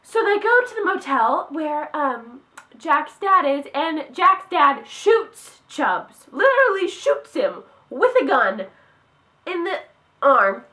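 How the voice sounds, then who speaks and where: Young woman, high voice, casual book vlogger, gets worked up and gushes, heavy on "like". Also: sharp tone. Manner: gushing, emotional, fast with many "like"s. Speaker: book reviewer. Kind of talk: casual book review vlog.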